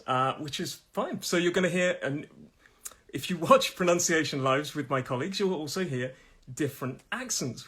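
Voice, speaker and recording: A man's voice: fairly high pitch, a bit bright, breathy edge. A man from Nottingham with a Midlands accent, hosting a live-streamed English pronunciation lesson from his room in a chatty way, often laughing and repeating himself. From Nottingham, England.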